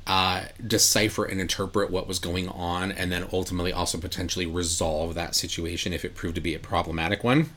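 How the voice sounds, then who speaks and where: Guy with a really low voice chatting on a podcast, lots of ums and restarts. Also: level tone, fairly quick, few pauses, bright, forceful tone, a little hiss or hum. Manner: rambling with many fillers and restarts. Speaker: podcast co-host. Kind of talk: casual chat.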